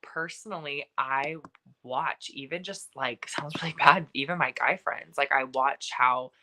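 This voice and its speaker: A young woman speaking as a podcast guest in casual conversation, talkative and lively, with many fillers and asides. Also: extremely low pitch, measured pace.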